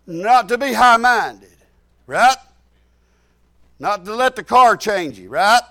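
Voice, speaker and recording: A pastor delivers his sermon in a very high voice. His folksy talk jumps from loud, shouted lines to quiet asides. The tone is bright and forceful. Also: animated, slow pace. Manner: folksy, rising to shouts then dropping low.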